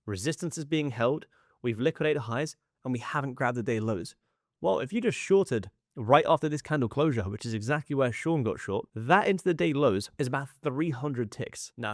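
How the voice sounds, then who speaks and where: A man's voice: mid-range voice, no echo. Dry, punchy male trading coach. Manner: answers his own rhetorical questions in short punchy repeats; emphatic, repeats words for stress. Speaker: trading educator. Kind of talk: chart walkthrough lesson.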